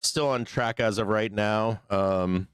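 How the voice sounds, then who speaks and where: Male host, deep and smooth but going hoarse from illness, loose rambling delivery with fillers. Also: takes it slowly, dry recording. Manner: rambling, many fillers and restarts, hums to himself. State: losing his voice, still sick. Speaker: live stock market show host. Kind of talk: casual live-stream chat.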